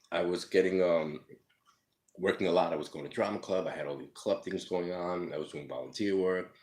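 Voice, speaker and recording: A man's voice: sits low, darkish tone. A man telling his life story casually, profane and rambling, full of fillers, acting out the people in his stories.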